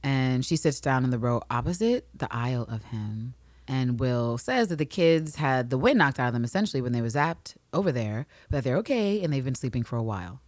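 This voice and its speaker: A woman's voice: extremely low pitch, animated, a little fast, darkish tone, dry recording. A woman co-hosting a casual recap podcast, acting out characters with big swings in her voice. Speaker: podcast co-host.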